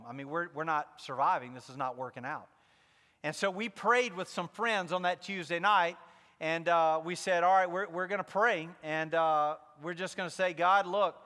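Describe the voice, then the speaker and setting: A male pastor delivers a sermon in a high, bright voice, telling a personal story with candid asides before building to fervent emphasis. His words ring out with a long hall reverb behind them.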